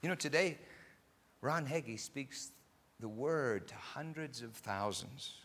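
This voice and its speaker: Slow, bright-voiced male preacher. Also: mid-range voice, expressive, slightly rough, in a large hall. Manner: swells from quiet narration to loud impassioned pleading; slow, deliberate delivery with many pauses. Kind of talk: sermon storytelling.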